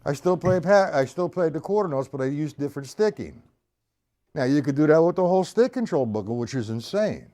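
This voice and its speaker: A man runs a live-streamed drum lesson. He talks in a relaxed, explanatory way and keeps counting the beats out loud as he demonstrates. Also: on the high side, brisk. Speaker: drum teacher.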